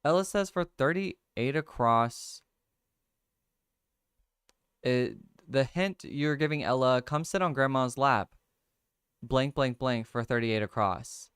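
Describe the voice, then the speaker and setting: A young man casually hosting a livestream, thinking out loud over crossword clues, reading viewer comments and laughing often. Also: mid-range voice, takes it slowly, long pauses, clean tone, no room sound, clean studio sound. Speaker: livestream host. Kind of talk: casual chat, solving a crossword with chat.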